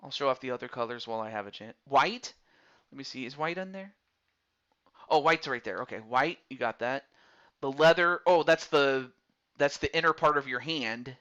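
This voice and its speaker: Chatty man streaming a game, bright tone. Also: medium pitch, moderate pace, smooth, highs cut off. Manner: chatty, talks through menu choices aloud. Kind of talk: casual game commentary.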